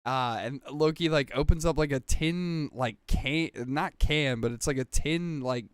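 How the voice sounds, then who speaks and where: A man's voice: fairly high pitch, unhurried, clean tone, no echo. A man casually recapping a TV episode on a podcast, rambling with fillers and acting out quoted lines. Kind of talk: casual chat.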